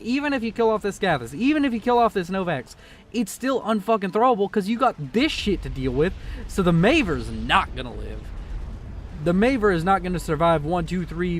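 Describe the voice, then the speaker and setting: Excitable high-voiced male game caster. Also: a little hiss or hum. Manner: excitable, swearing, joking. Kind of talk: casual profane game commentary.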